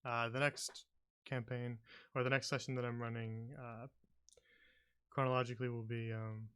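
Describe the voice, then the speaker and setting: Male game master, mid-pitched, casual, laughs easily, heavy fillers. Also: level tone, moderate pace, a bit bright, clear, resonant tone. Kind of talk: casual tabletop game talk.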